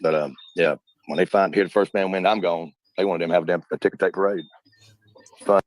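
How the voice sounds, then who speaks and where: A man calling in by phone to a livestream, rambling and halting with many restarts. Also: sits low, fairly even intonation, dry recording, poor audio. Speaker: caller on a livestream. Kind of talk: casual phone-in chat.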